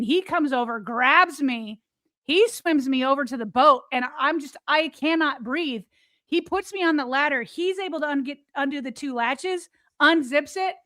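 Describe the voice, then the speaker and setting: A woman's voice: sits high, no echo. A woman co-hosting a podcast, retelling a personal story in a loose chat full of fillers and quoted thoughts. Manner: animated retelling, many "like" fillers.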